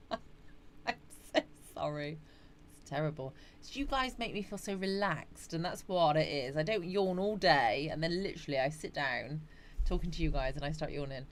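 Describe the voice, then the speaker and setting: A middle-aged woman hosting a casual live chat stream from home, greeting viewers by name and reading their comments out. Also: sits low. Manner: chatty, greets viewers by name, frequent yawns and laughs. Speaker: livestream host.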